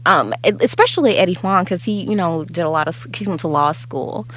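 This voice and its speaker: A woman's voice: lowish voice, brisk, fairly bright tone, slight background noise. A woman co-hosting a podcast in casual chat, chatty and jokey, trailing off into asides. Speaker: podcast co-host.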